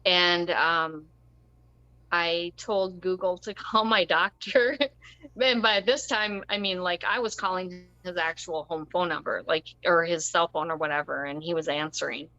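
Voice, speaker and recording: A woman on a dull lo-fi recording talks slowly in a bright, forceful voice. She tells a personal story the way a guest would in an interview, rambling and chatty, with lots of ums and little laughs. Her voice sits a bit low, and the sound is dry and muffled. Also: no room sound. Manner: rambling and conversational, with frequent ums and short laughs.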